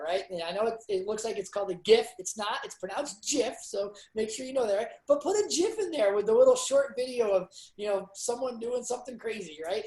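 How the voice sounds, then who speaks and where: A sales manager hosting a training session talks in a chatty, upbeat, rambling manner with many fillers, giving a casual motivational talk over a video call. His high-pitched voice is a little mellow, and the sound is roomy.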